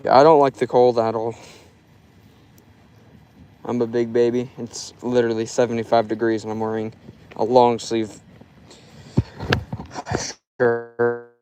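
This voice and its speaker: A man's voice: mid-range voice, flat delivery, a little slow, pauses often, warm tone, a little hiss or hum, poor audio. A young man from Florida chatting loosely through a fishing live stream outdoors, filling his talk with "like". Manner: loose and rambling, full of "like". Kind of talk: casual live stream chat. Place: outdoors by a river.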